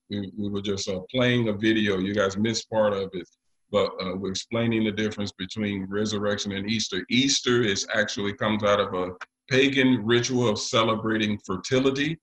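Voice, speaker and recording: Guy giving a sermon, lowish voice, lots of uhs and pauses. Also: fairly even intonation, rough recording. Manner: leads the congregation in call and response; halting, with frequent pauses and fillers. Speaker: pastor.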